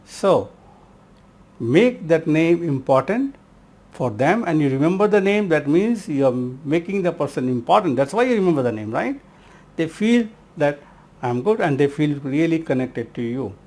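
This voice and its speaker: A man's voice: fairly high pitch, big pitch swings, normal speed, darkish tone. Emphatic man teaching a self-help lesson. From India. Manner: emphatic, repeats key words; addresses listener as my friend. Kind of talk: spoken lesson.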